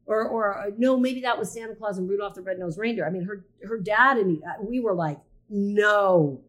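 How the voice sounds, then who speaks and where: Animated middle-aged woman telling stories. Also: medium pitch, a little fast. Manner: animated storyteller, many restarts and quoted voices. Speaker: podcast host, shaman. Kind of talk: casual chat.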